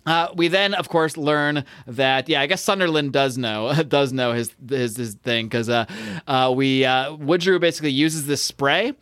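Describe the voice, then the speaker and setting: A man's voice: mid-range voice, moderate pace, a bit bright, clean tone, no echo, studio quality. An American man co-hosting a podcast, chatting casually and rambling, correcting himself and laughing often. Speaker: podcast co-host. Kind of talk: casual comic book podcast chat.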